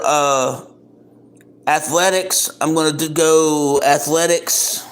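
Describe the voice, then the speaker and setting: A man hosting a casual livestream, reading through picks in a plain, unhurried way with frequent ums and repeats. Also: on the high side, fairly even intonation. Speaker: livestream host making baseball picks.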